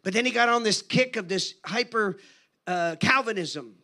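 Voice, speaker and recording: A man preaching a sermon in an animated, conversational storytelling manner. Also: sits high, moderate pace. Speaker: guest preacher.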